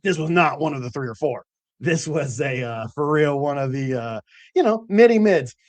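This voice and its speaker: A man's voice: fairly high pitch, expressive, normal speed, a little mellow, no room sound. A man hosting a late-night cannabis show, telling stories in a loose, rambling way with lots of fillers and the odd swear word. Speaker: host of a cannabis growing show.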